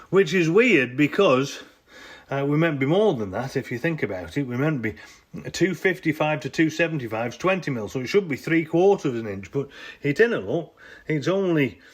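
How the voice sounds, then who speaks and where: A man's voice: a little high, animated, moderate pace, fairly bright tone. A man filming himself beside a jacked-up off-roader, talking through his work in a rambling, self-correcting way on a handheld camera. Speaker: vehicle owner showing his work. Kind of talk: casual hands-on how-to vlog. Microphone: handheld camera he films with himself.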